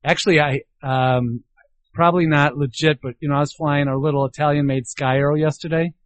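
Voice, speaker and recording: A man's voice: a little high, steady tone, fairly quick, no room sound. An older man and grandfather co-hosting an aviation podcast in casual chat, joking and sounding out radio call signs. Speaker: podcast co-host.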